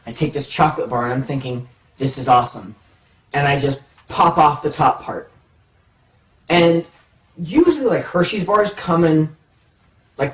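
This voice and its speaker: A man telling a childhood story in an animated, playful way, dragging out pauses for suspense. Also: fairly high pitch. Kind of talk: personal anecdote storytelling. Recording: roomy, from a distance.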